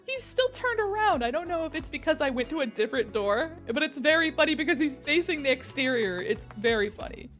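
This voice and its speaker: A woman's voice: high voice, big pitch swings, a little fast, hardly any pauses, a bit bright, faint music behind. A young woman streaming a game, giggly, joking and swearing as she comments. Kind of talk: casual let's-play commentary.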